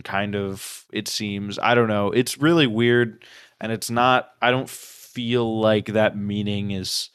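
A man's voice: on the low side, a bit bright, smooth, dry recording, clean studio sound. A man co-hosting a casual book discussion podcast, musing hesitantly with many fillers. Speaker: podcast co-host.

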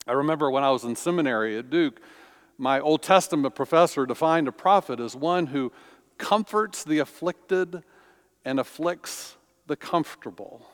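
A man preaching a sermon as pastor, slow and deliberate with emphatic pauses. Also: a little high. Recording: long reverb of a large hall.

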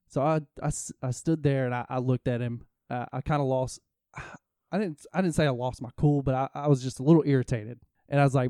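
Male co-host, casual rambling storyteller, warm smooth voice, dry close sound. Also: mid-range voice, fairly quick, no room sound. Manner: rambling, self-interrupting storyteller. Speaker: podcast co-host.

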